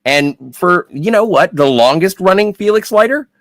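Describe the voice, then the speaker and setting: A man co-hosting a podcast, jumping in with animated reactions and opinions in casual chat. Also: high voice, normal speed, no echo, studio quality. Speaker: podcast co-host.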